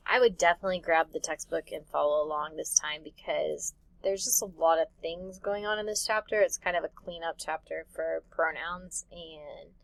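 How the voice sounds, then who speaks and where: A woman's voice: fairly low pitch, no echo, low-quality recording. Woman teacher explaining with dry sound. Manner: casual, patient step-by-step explaining with small laughs. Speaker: Greek teacher. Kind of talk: recorded classroom lecture.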